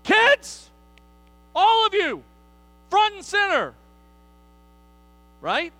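A man voicing a stern parent who loudly calls his children to come forward. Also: very high-pitched, wildly swooping pitch, drawn-out words, dry recording, big-room sound, pitched above the performer's own voice, heavily acted. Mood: commanding. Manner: loud, commanding. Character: stern parent calling children to stand before him.

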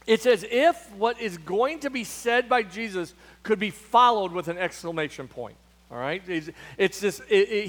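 A man's voice: high-pitched, a bit bright. A man preaching a sermon as pastor, emphatic, with frequent restarts and fillers. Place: church sanctuary. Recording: long hall reverb.

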